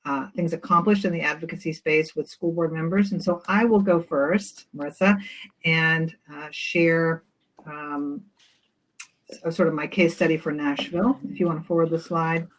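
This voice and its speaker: A woman's voice: low voice, fairly even intonation, moderate pace, poor audio. Chatty woman presenting on a webinar. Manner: chatty, loose, frequent fillers. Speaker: school board member. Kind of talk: webinar case-study presentation.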